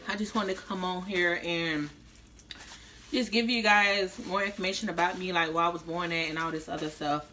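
This 30-something vlogger from Tampa, Florida, speaks at normal speed in a bright yet lowish, steady voice, with a little hiss or hum in the audio. Chatting in slang as she eats for a casual mukbang, she sounds slightly slurred after an orthodontist appointment.

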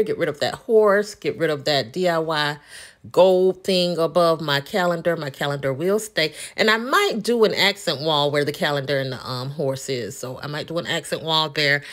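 A woman with a Southern US accent, chatting casually as she walks viewers through a room she plans to redecorate, thinking aloud with frequent ums. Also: low-pitched. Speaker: home decor vlogger. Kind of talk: casual walkthrough chat.

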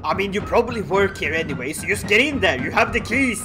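A young man giving joking, sarcastic commentary over a strategy game, now and then shouting at his troops. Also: high voice, very animated, fairly quick, few pauses. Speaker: gaming commentator. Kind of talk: casual gameplay commentary. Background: game music.

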